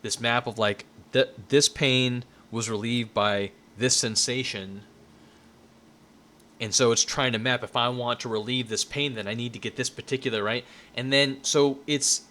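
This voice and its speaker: A man's voice: medium pitch, steady tone, moderate pace, bright, forceful tone. A man giving an informal lecture in a loose, conversational way, often checking in with "right?" and restarting his sentences.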